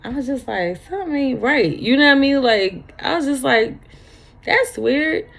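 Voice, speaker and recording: A woman in her thirties telling a personal story in a vlog, halting and tearful, repeating her words as she cries at times. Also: high-pitched, expressive, creaky, fairly bright tone. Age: 30s. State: crying at times. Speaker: vlogger.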